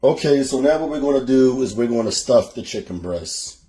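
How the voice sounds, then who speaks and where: A man's voice: mid-range voice, lively intonation, moderate pace, dark tone. A man with a Philadelphia accent hosting a cooking show, talking viewers through a recipe in a chatty, casual way and calling them "y'all.". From Philadelphia, USA.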